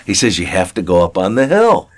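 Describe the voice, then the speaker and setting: An older man with a deep, low-pitched voice tells a story at an easy, rambling pace. He speaks casually and folksily, with plenty of "uh"s and restarts. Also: sing-song, fairly quick. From southern Ohio. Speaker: interview guest.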